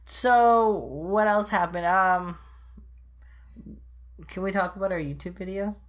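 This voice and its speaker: A podcast co-host with a voice of middling pitch who chats casually and without hurry. The replies are short, relaxed and often teasing. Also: slow. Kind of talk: casual chat.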